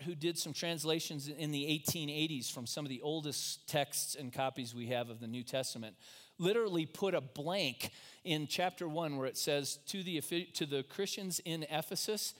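A man preaching a sermon in a casual, joking, conversational way to his congregation in church. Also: a little high. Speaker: pastor.

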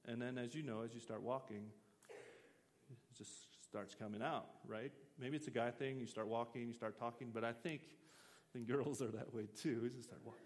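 A man's voice: mid-range voice, fairly even intonation, moderate pace, long reverb tail. A man preaching an interactive sermon, talking casually and asking his listeners questions. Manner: conversational, asks the audience questions.

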